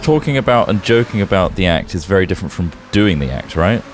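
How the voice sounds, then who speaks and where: A young man chatting while gaming, making short measured points. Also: low-pitched, sing-song, faint music behind. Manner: measured, makes terse points. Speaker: gaming channel host. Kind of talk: casual chat while gaming.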